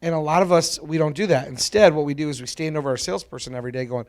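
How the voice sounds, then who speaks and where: A man's voice: on the high side, racing, darkish tone. A man speaking on a conference panel, earnest and somewhat preachy, posing rhetorical questions and answering them himself. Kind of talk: casual panel discussion.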